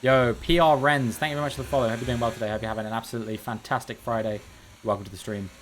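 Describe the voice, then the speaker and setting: A man's voice: medium pitch, fairly even intonation, rapid-fire, a little hiss or hum. A man streaming live, giving casual, joking commentary while he plays, with rambling sarcastic asides.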